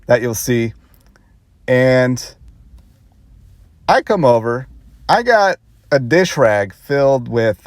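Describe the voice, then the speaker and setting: A man recounting a story in a loose, rambling vlog style, often laughing at himself. His pitch swings widely as he goes, and his voice sits at a middle height. The sound is dry with no room echo. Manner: rambling, animated, self-conscious laughter. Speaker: vlogger. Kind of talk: casual storytelling.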